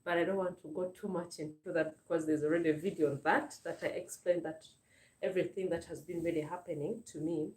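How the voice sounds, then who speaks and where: A woman's voice: on the low side, fairly even intonation, fast, a little mellow, recorded from a distance. A woman with a Ugandan English accent, hosting a live stream in a casual, earnest chat full of thanks and fillers. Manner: earnest, grateful, repeats words and uses many fillers. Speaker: channel host. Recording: roomy sound, voice a bit off-mic.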